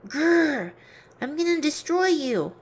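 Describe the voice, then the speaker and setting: A woman's voice: animated, measured pace. A woman voicing a seven-year-old runaway girl who turns from shy to playful. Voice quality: high childlike voice.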